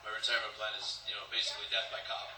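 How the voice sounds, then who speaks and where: A man doing a rambling live stand-up set, hopping between bits and slipping into quick put-on voices. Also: on the low side, little pitch movement, background noise. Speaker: stand-up comedian. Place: comedy club stage. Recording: live room recording, echoey, mic heard from a distance.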